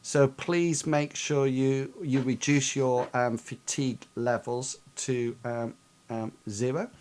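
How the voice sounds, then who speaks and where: A man runs a tabletop game over an online voice chat. He talks at an unhurried pace and gropes for his words. Ums and likes fill the gaps as he describes the scene. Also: medium pitch, steady tone, a little mellow. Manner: hesitant, filled with ums and likes. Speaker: game master.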